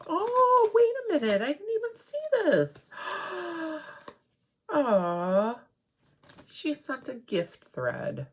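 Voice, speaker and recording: A woman hosting a crafting video, chatting casually and rambling excitedly as she shows off her haul. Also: sits low, slight background noise. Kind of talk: casual show-and-tell haul.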